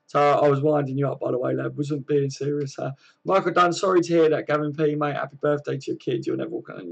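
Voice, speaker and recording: Chatty southern English bloke, slightly high voice. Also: male voice, highs cut off. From southern England. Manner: chatty, matey banter with frequent fillers. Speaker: channel host reading live chat. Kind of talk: casual live-stream chat.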